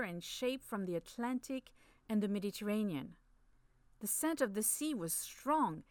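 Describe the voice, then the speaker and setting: A woman narrating a story in the first person, expressive, slipping in playful French phrases. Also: fairly high pitch, dry recording.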